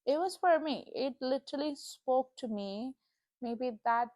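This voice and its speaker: Young adult woman, chatty faith vlogger, heartfelt delivery, slightly high pitch, dry room. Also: dry recording. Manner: earnest and emotional, chatty with many fillers. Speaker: Christian vlogger. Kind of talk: casual spoken testimony.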